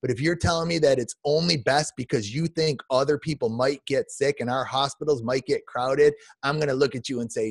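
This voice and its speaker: Fired-up dad in his 40s venting on a podcast, mid-pitch, dry close mic, keeps stumbling and restarting. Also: brisk, hardly any pauses, no room sound. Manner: emotional, repetitive restarts, says "man" often. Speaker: podcast guest. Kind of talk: impassioned podcast rant.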